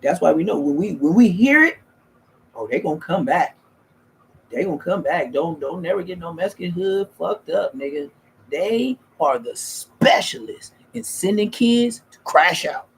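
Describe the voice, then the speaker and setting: A man's voice: high voice, expressive, moderate pace, creaky. A man, telling rambling, slangy, profane stories as a streamer in casual chat. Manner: profane, slangy, loose and restarting.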